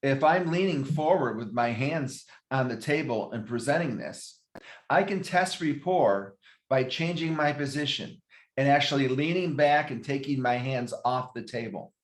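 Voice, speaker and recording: A man's voice: mid-range voice, moderate pace, roomy sound. A man teaching a real estate training class, explaining step by step, with fillers and self-corrections along the way.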